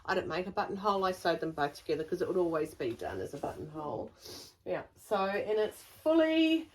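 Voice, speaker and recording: A middle-aged woman speaks in a slightly low voice. She chats casually and rambles, with self-deprecating humor, while showing off her handmade pieces. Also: sing-song, fairly quick, a little hiss or hum, poor audio. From New Zealand. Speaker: sewing vlogger.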